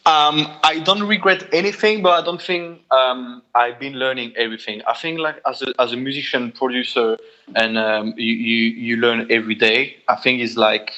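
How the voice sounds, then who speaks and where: A Belgian man with a French accent, a guitarist chatting in an interview, halting and repeating words, laughing often. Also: mid-range voice, fairly even intonation, sharp tone, dull audio. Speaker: guitarist guest. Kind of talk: casual interview chat.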